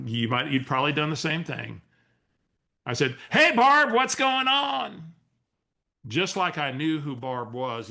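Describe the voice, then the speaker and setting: A man leading a coaching webinar, telling a story in an animated, restarting way. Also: medium pitch. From San Antonio area, US. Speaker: real estate coach. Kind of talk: webinar training talk.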